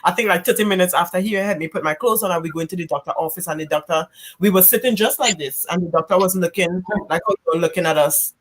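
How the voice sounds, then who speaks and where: A woman, a guest giving a candid personal testimony in a church couch conversation, halting and emotional. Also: on the low side. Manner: halting, emotional, re-enacts quoted speech loudly.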